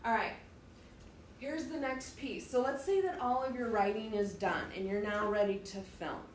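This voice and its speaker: Speaking at normal speed in a voice on the high side, this teacher gives a direct, emphatic classroom lecture, walking her students through things step by step. The echoey room carries faint ambience and slight background noise.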